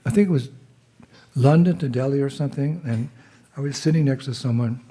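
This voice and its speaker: Man, monk, husky, has a cold, chatty storyteller, mid-pitched voice. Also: fairly quick, mellow. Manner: chatty storyteller with laughs, calls out jai responses. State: has a cold, clearing his throat. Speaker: visiting monk speaker. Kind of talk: informal talk to a temple gathering.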